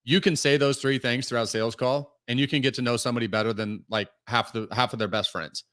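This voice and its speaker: A man's voice: medium pitch, fairly even intonation, fast talker, fairly bright tone. Guy on a podcast rambling thru sales stories, lots of likes and ums, regular voice. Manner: storytelling, many fillers like "like". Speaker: podcast guest. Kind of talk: casual podcast chat.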